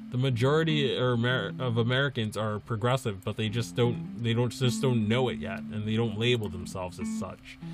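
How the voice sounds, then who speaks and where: Guy doing his podcast, rambly, lots of um, guitar music playing clearly behind him. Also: medium pitch. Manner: rambling, many ums and restarts. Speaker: podcast host. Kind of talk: casual podcast commentary.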